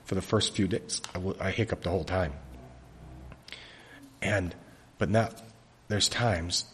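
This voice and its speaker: A fairly low-voiced man preaching a sermon while he keeps hiccuping, his throat raw. He speaks earnestly and haltingly, restarting his phrases, with a faint hum of noise behind him. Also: fairly even intonation.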